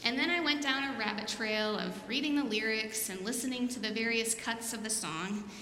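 A woman's voice: a little high, normal speed, bright, forceful tone. A woman pastor, asking questions and leading a repeat-after-me prayer in a church sanctuary. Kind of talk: sermon and children's message. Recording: echoey hall with long reverb.

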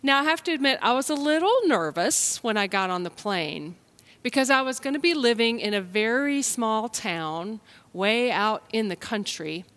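Gentle storytelling woman pastor. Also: fairly high pitch, lively intonation, normal speed. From United States. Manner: gentle, storytelling, speaks straight to listeners. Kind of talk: children's story and sermon.

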